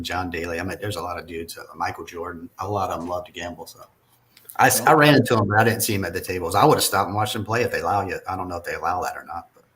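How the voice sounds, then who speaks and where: A man's voice: sits low, a bit bright, slight background noise. A man with a Southern American accent, telling rambling stories in a casual podcast chat and chuckling often. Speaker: podcast guest.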